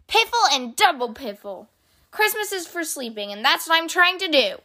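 A cross, spluttering old badger who wants to be left alone, as a woman puts him on. The voice pitches up high and sharp with indignation. Storybook reading for children. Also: big pitch swings, moderate pace, exaggerated voice. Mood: grumpy. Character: grumpy old male badger, huffy and cross.

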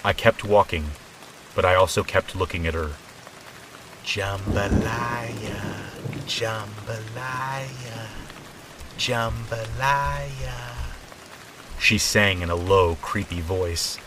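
Deep-voiced man narrating a horror story. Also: fairly even intonation, normal speed, slight background noise, low-quality recording. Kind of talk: scripted narration. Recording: soft rain behind.

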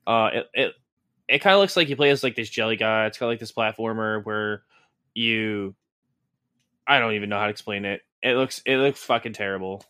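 Man, podcast co-host, bright forceful voice, dry close sound, rambling, sarcastic. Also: on the low side, brisk, no echo. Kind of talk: casual podcast chat.

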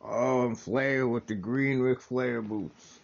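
A man hosts a casual watch-along and talks through the matches, rambling and enthusiastic, often circling back with fillers and restarts. His voice has a gravelly, fry-laden texture, and the recording sounds a little dull and lo-fi. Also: medium pitch, fairly even intonation, slow.

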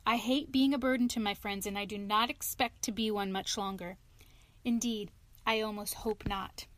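A woman's voice: medium pitch, steady tone, moderate pace, fairly bright tone, slight background noise, close to an everyday voice. A woman reading a storybook, voicing a sly male toad who feigns illness in a feeble, languid, self-pitying way. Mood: feeble, martyred. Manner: languid, feeble, sighing, dramatic.

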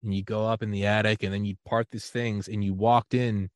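Lively, storytelling male podcast host. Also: on the low side, brisk. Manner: animated storyteller, acts out quoted voices. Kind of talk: casual conversation.

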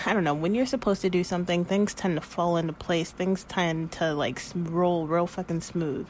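A woman in her thirties talks slowly in a casual podcast monologue, rambling, candid and free with swear words. Her voice sits a little low and carries emotion close to tears, with a faint hiss of room ambience behind her. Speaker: podcast host.

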